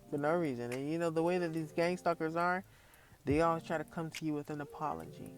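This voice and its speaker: A man in his early thirties ranting casually to camera, telling a heated story full of profanity and repetition, with faint music behind him. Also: on the high side. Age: early 30s. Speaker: vlogger.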